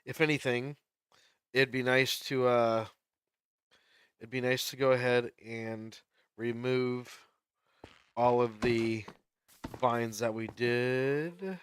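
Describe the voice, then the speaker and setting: A man's voice: medium pitch, fairly even intonation, slow pace, pauses often, fairly bright tone, clear, resonant tone, dry recording. A man chatting casually on a livestream while he plays, laughing often as he tells stories.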